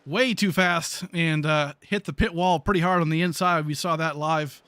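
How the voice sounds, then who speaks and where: A man calling a sim truck race live as play-by-play commentator, chatty and excitable with frequent fillers. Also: on the high side, normal speed, smooth.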